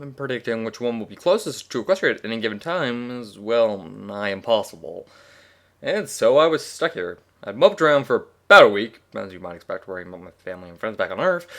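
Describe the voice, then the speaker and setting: A man reading a fan fiction story aloud in a casual way. He breaks off for chatty asides, swears and laughs at the text. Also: mid-range voice.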